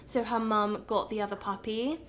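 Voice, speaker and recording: A woman's voice: a little high, fairly even intonation, normal speed, fairly bright tone, a little hiss or hum. A young woman, co-hosting a casual podcast chat and telling stories with plenty of laughs. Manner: chatty, laughing storyteller. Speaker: podcast co-host.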